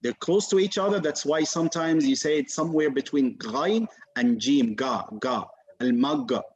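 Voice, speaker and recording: A man's voice: a little high, lively intonation, normal speed, a little mellow. A man teaching a class on a video call, patient and encouraging, repeating and modeling sounds for his students. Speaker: Quran recitation teacher. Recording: muffled video call audio.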